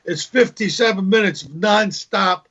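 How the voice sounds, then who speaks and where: Male comic guest, higher voice, husky, muffled call audio. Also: normal speed, fairly bright tone. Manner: storytelling, acts out joke voices, repeats words. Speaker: guest comedian. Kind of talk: casual video call interview. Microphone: video call. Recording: dull lo-fi video call audio.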